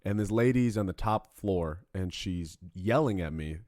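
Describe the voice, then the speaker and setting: Young man, podcast co-host, casual chat, animated profane storytelling, lower voice, dry close sound. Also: moderate pace, no room sound.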